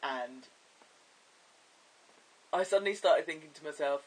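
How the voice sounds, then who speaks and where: A man chatting in a casual video diary, his voice deepening and cracking, rambling and giggling as he talks. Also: expressive, normal speed, husky, far from the mic, rough recording. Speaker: vlogger.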